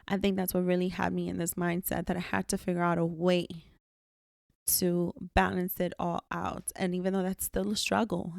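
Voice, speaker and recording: A woman's voice: on the low side, creaky, no echo, studio quality. A woman hosting her own podcast alone, talking candidly and emphatically and swearing freely. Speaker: podcast host. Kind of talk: solo podcast monologue.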